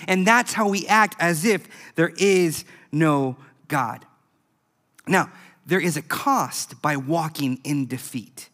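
A man preaching a youth sermon, telling a story in an animated, emphatic way. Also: fairly high pitch, takes it slowly. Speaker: youth pastor. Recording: echoey hall.

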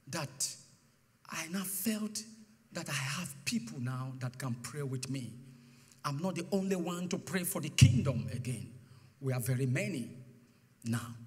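A man preaching a guest sermon, telling his testimony with mounting passion and bursts into shouted declarations. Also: sits high, breathy edge. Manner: impassioned storytelling, swelling to shouted declarations. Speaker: guest pastor. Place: church sanctuary. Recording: long church hall reverb.

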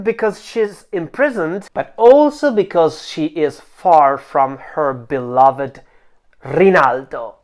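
Slow, low-voiced woman explaining lyrics. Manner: careful, explanatory, slowing to spell out words. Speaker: Italian teacher and channel host.

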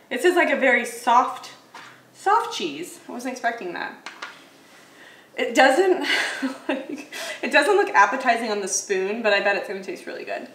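A woman chats her way through a snack tasting, laughing often and thinking out loud between bites. Her voice sits at an ordinary middle pitch. She sounds a bit distant from the mic, with a roomy echo and a faint hiss underneath. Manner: chatty, laughs often, muses while tasting. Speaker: food vlogger. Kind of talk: casual food review chat. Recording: echoey room, mic set back.

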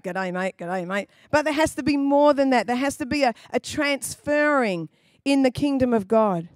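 A woman's voice: high-pitched, no room sound. A woman pastor from England preaching a sermon in a conversational, storytelling way, acting out quoted voices. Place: church.

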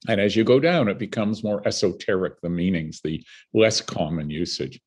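Sitting low in pitch and slightly rough, his voice moves at a normal speed. He's an older filmmaker from Canada, a guest in a conversational interview, animatedly recounting stories and impersonating those he quotes.

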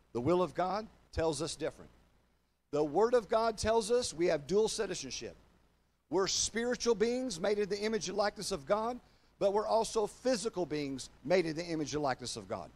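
Older male pastor, high-pitched, emphatic sermon delivery that drops low and slow for key points. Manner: emphatic preaching, swinging from loud declarations to low, slow confiding; addresses congregation and online viewers directly.

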